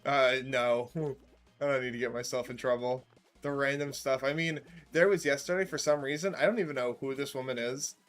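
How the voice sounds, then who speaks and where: A man's voice: medium pitch, steady tone, fairly quick, a bit bright, soft background music. A man chatting casually while playing a game, rambling with jokey asides. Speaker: streamer. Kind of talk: casual gameplay chat.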